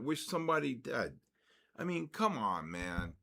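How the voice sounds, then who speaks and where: A man in his sixties runs a live trading stream, greeting chat viewers by name and loosely walking through his method, often saying "okay" and "so basically." His medium-pitched voice swings widely in pitch, with vocal fry and a pushed, bright quality at normal speed. Rude comments clearly exasperate him, and he gets louder and complains.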